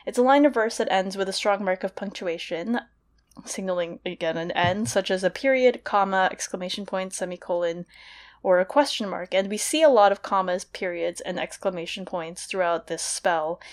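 A woman's voice: medium pitch, normal speed. A young woman in casual analytical talk, explaining poetry thoughtfully and often restarting with fillers like "you know" and "like". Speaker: podcast co-host discussing literature.

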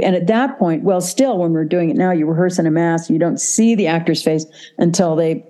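Warm, mellow older woman telling stories. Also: low voice, fast talker. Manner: animated, chatty, laughs easily. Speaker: actress and guest. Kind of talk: casual interview storytelling.

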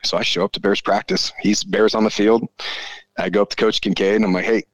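A man, probably in his forties, telling a story in a casual chat, animated and full of swearing. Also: on the low side, fairly quick, no echo, poor audio. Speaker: podcast guest.

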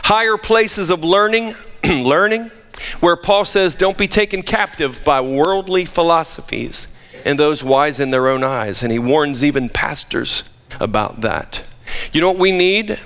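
A man's voice: on the high side, a little slow, fairly bright tone, clear, resonant tone. A man preaching a sermon as pastor, emphatic with joking asides, in a church sanctuary. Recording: long reverb of a large hall.

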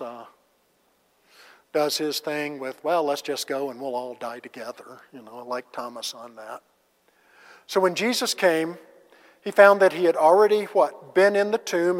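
Guy teaching a bible class, kinda high voice, laid back, echoing around a big hall. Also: steady tone, measured pace. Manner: casual, asks the class rhetorical questions. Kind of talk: conversational Bible lesson. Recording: long reverb of a large hall.

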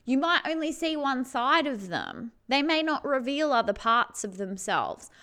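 This high-pitched, animated and somewhat slow voice has a bright, forceful edge. A woman speaks casually to the camera about self-help, swearing, laughing often, performing her emotions and constantly checking in with "right?"

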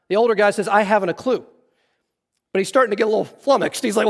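A man's voice: sits high, fast talker, long reverb tail. A man preaching a sermon, telling a story earnestly and restarting his phrases often. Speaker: pastor. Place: church sanctuary.

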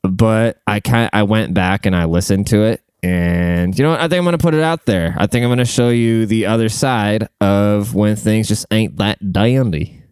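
A man's voice: lowish voice, normal speed, a little mellow, clean tone, no echo, studio quality. A man hosting a casual solo podcast from a room at home, rambling bluntly and swearing freely. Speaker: podcast host.

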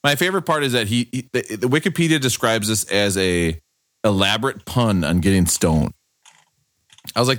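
A man co-hosting a podcast, joking sarcastically in quick banter. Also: lowish voice, expressive, a bit bright, no room sound, clean studio sound. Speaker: podcast co-host. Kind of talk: casual chat.

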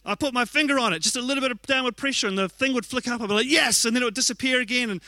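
A man preaching, telling animated, self-mocking stories and speaking candidly about himself. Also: very high-pitched, racing, no echo. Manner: candid and confessional. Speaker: pastor. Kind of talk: sermon with personal storytelling.

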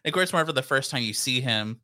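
A man's voice: mid-range voice, quick pace. A young man co-hosting a casual podcast chat, laughing often and acting out quotes. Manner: laughing, animated, acts out quotes. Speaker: podcast co-host.

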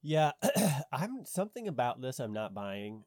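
A man's voice: mid-range voice, very animated, a little slow, darkish tone, dry recording, clean studio sound. A man in casual conversation, skeptical and questioning, thinking aloud with frequent restarts.

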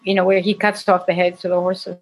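An older woman talks through her memories with a lively storyteller's energy and frequent laughs. She speaks in a relaxed conversational interview manner. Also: on the low side, fairly quick, poor audio. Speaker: actress and guest. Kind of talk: casual interview chat.

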